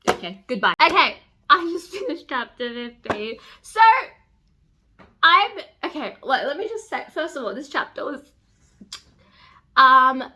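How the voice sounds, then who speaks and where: A young woman talks to her camera in a casual reading vlog. Her voice sits a little high and sounds bright and forceful. She swears freely, and her delivery lurches between loud outbursts and hushed whispers. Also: big pitch swings, measured pace, long pauses, slight background noise. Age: young adult. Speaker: book vlogger.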